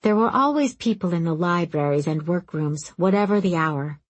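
A woman reading a story aloud, in a calm, steady narration. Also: fairly low pitch, normal speed, no echo. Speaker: audiobook narrator. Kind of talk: scripted narration.

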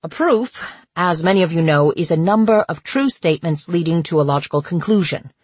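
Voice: medium pitch, lively intonation, husky, dry recording. A narrator voicing a nervous young male academic with a vaguely British accent. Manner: nervous, halting delivery.

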